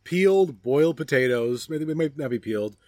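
A man's voice: fairly high pitch, lively intonation, brisk, a little mellow, no room sound, studio quality. A middle-aged man co-hosting a podcast, chatting casually and jokingly outdoors, often rambling and trailing off. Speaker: podcast co-host. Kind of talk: casual chat. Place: outdoors at a backyard gathering.

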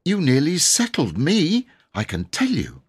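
Storybook boy, quick to anger, pitched high and lively, read by a man. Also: slightly rough, exaggerated voice. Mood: cross. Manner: cross, excitable. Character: hot-tempered young boy.

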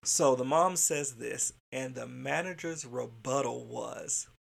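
Gravelly man telling an animated story. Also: medium pitch, slow, hardly any pauses. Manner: animated and candid, swears and laughs often. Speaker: childcare center director. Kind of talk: casual storytelling monologue.

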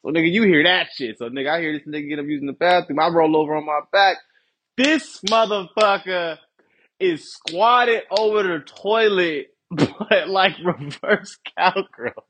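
A man's voice: high voice, moderate pace, a bit bright, husky. A young man telling a rambling, profane story as a podcast host, laughing often and checking in with his listeners. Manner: rambling, profane, laughs often, keeps asking "you feel me". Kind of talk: casual storytelling monologue.

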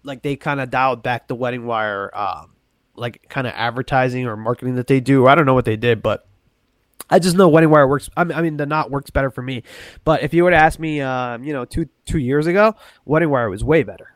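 A man's voice: medium pitch, fairly quick, no echo, clean studio sound. A man talking as a guest on a podcast, rambling casually with many restarts and self-corrections. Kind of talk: casual chat.

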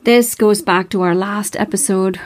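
A woman's voice: medium pitch, fairly even intonation, normal speed. An earnest woman hosts a motivational podcast, working through numbered verses. She reads them out, then talks about each one in an encouraging way, stumbling now and then with fillers and restarts. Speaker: podcast host.

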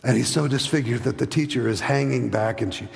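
A man preaching a sermon, telling stories and acting out the voices in them, sometimes dropping soft and low for emphasis. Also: a little fast, vocal fry. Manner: storytelling, acts out voices in anecdotes; hesitant restarts, drops to soft low tones for emphasis. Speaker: pastor. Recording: long hall reverb.

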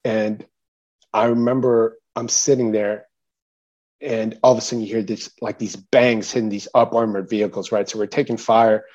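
A man recounts a story as a guest, in a relaxed, mellow voice full of fillers and restarts. He gets animated and louder whenever he quotes someone. The recording sounds somewhat dull and lo-fi. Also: on the low side, moderate pace. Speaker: interview guest, military veteran. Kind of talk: casual storytelling.

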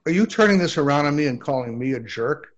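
A man's voice: on the high side, lively intonation, fast talker. A man hosting a podcast interview, needling his guest with teasing questions. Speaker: podcast host. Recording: muffled lo-fi audio.

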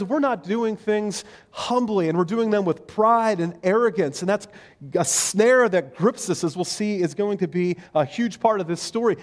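A middle-aged male pastor preaching a sermon in a church, animated and sometimes acting out quoted voices. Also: high voice. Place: church sanctuary. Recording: long reverb of a large hall.

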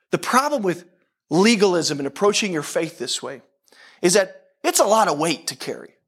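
High-voiced animated preaching man. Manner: animated, talks to the crowd with frequent "right?" asides; self-deprecating, repeats and restarts phrases. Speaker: pastor. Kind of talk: conversational sermon.

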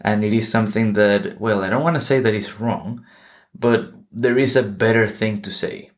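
A man with a somewhat low voice, speaking English as a second language. He hosts a podcast lesson and talks through vocabulary patiently, circling back and correcting himself as he goes. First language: not English. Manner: explains slowly and patiently, with frequent restarts and self-corrections. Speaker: English teacher and podcast host.

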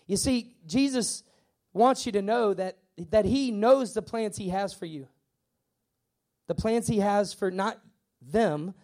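A man preaching to his congregation in a high voice. He drives his points home with repetition and emphasis. Now and then he stammers through playful acted asides. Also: darkish tone. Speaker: pastor. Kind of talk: sermon.

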